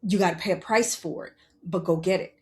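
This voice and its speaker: A woman's voice: fairly low pitch, a little fast, darkish tone. A middle-aged woman hosting a podcast, talking earnestly and tearfully about parenting, often repeating herself and asking "you understand?". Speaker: podcast host. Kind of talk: emotional personal monologue.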